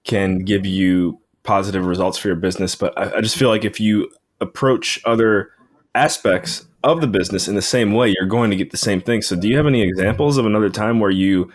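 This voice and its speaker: A man with a fairly low voice hosting a podcast interview. He asks questions in a relaxed, conversational way. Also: brisk. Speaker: podcast host. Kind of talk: casual interview talk.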